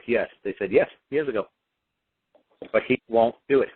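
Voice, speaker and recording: A man's voice: medium pitch, a little slow, pauses often, husky, no echo. Defiant man on a tinny radio line. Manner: defiant, repetitive, emphatic. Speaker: radio show guest speaker. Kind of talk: impassioned personal story on talk radio.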